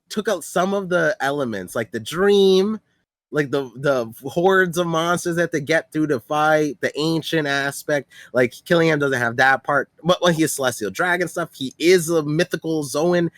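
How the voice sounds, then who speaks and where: Excitable man with a lively voice. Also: a little high, no room sound. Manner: excitable, many filler words and restarts. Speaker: podcast co-host. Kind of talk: casual chat about manga.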